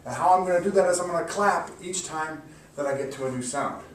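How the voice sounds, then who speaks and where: A man giving an encouraging mock classroom lesson, slowly sounding out words for students. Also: a little high. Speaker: teacher. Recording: echoey room, distant mic, faint hiss.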